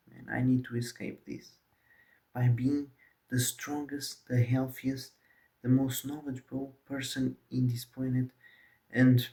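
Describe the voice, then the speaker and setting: A man's voice: medium pitch, warm tone, distant mic. A young man vlogging, telling a story in a casual slangy way and saying "bro" a lot.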